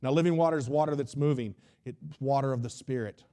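Folksy preacher, mellow voice. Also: male voice, mid-range voice, fast. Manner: retells the story in a folksy, conversational way and acts out its dialogue. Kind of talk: sermon.

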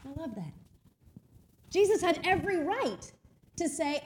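High-voiced woman preaching a sermon. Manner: expressive preaching, slows down for emphasis, reads scripture aloud.

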